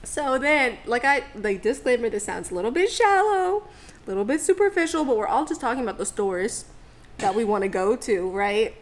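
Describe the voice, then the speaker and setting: A young adult woman co-hosting a podcast tells a story in casual slang, laughing often. Her voice is a little high and very animated, at a moderate pace.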